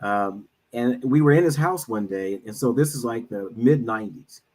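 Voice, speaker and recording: A middle-aged man speaking as a guest on an online talk, telling a personal story in an earnest, measured way with frequent pauses. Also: mid-range voice, lively intonation, a little mellow, rough recording. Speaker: guest speaker, minister and financial advisor.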